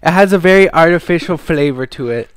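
A man's voice: fairly high pitch, animated, fairly quick, clean tone, no room sound. A young man co-hosting a casual podcast at home, joking around and swearing freely. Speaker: podcast co-host.

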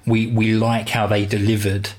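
At a moderate pace, this man co-hosting a podcast rambles through relaxed, easygoing conversation. His voice sits on the low side, and fillers crop up constantly.

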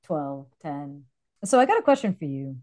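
A woman co-hosting a casual podcast as a dance instructor, chatty and quick to laugh. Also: deep voice, big pitch swings, darkish tone.

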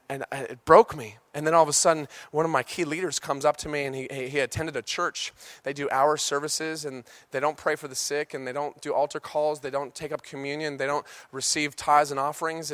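Man, preacher, high-pitched, shouts then hushes, passionate sermon. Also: dry recording. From United States. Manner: impassioned, swings from shouting to hushed storytelling. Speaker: pastor.

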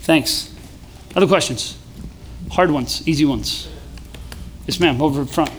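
A young pastor preaches casually to a live audience in an event hall, his slightly high voice at a measured pace over slight background noise. He jokes, leads call-and-response chants and builds up to shouts.

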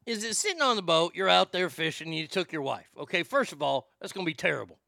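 A man's voice: high-pitched, lively intonation, fast talker, gravelly, sharp tone, dry recording. A man hosting a live stream, ranting crudely to his chat with incredulous outbursts and stammered restarts. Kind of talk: crude comedic rant to chat.

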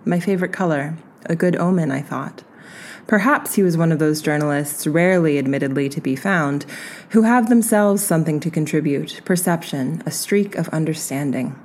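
A woman reading a literary essay aloud in a slow, measured and reflective way. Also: deep voice, darkish tone. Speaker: reader.

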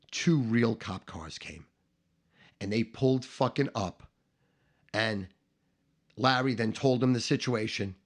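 A middle-aged man telling a profane comic story, animated and swearing, acting out the shouting voices in it. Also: lowish voice. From Staten Island, New York.

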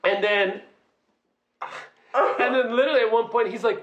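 A young man telling a story in casual chat, animated, laughing and acting out quotes. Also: very high-pitched, moderate pace, long pauses, roomy sound.

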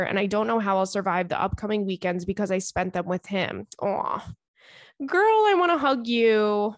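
A woman's voice: medium pitch, no room sound. A woman hosting an advice podcast, reading a listener's letter aloud and then answering it in a chatty, earnest way with many fillers. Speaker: podcast host giving advice.

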